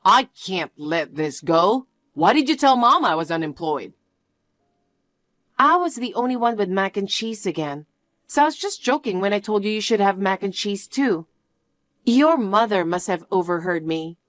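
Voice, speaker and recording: A woman's voice: medium pitch, lively intonation, moderate pace, fairly bright tone, dry recording, lightly acted. Woman voicing a defensive young fiancé. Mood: annoyed. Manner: defensive and demanding. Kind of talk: storybook narration.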